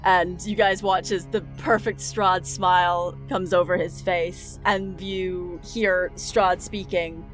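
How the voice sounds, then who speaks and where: A woman's voice: fairly low pitch, steady tone, takes it slowly, few pauses, soft background music. Playful woman narrating a tabletop game. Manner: vivid, playful narration with laughs. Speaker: dungeon master.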